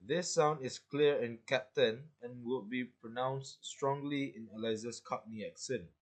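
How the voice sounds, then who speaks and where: A man's voice: mid-range voice, unhurried. A young man reading a prepared class presentation from a script, with occasional slips. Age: young adult. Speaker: student.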